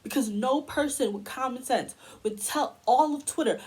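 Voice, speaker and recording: A woman's voice: high-pitched, normal speed, a little mellow, husky, low-quality recording. A young woman from the United States delivering a heated, exasperated commentary rant as a vlogger.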